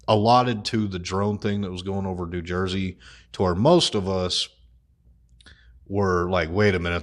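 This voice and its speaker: A man with a lowish voice talks through a casual commentary vlog. He swears freely, cracks crude jokes and laughs at his own humor as he goes. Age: adult. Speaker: vlog host.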